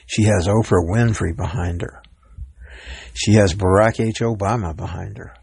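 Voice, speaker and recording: A man hosts a solo podcast, reading news headlines and rambling between them. His voice is low and gravelly. He often stumbles and restarts words. The sound is dry and close. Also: fairly even intonation, normal speed, a little mellow, dry recording. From Georgia, US South. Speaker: podcast host.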